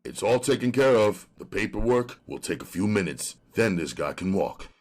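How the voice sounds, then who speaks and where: A man voicing a calm, blunt male police detective who speaks quietly and matter-of-factly. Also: lowish voice, normal speed, voice pushed up.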